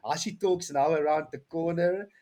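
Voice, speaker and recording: A middle-aged man from South Africa with a South African accent, chatting as a podcast guest in a relaxed, friendly way. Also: on the high side, moderate pace. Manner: relaxed, friendly, lots of fillers. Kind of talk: casual conversation.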